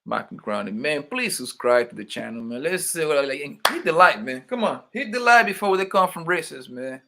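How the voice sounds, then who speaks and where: Man, livestream host, bright forceful voice, playful slangy banter. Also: on the high side, animated, a little fast, vocal fry. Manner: loose slangy banter, calls everyone "man", playful teasing. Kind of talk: casual livestream chat, reading viewer names.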